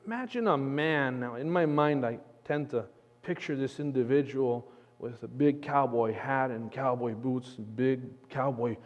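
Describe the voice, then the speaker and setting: A man's voice: medium pitch, a little slow, dull audio. A man from Texas preaching a sermon as pastor, earnest and emphatic. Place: church sanctuary. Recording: long church hall reverb.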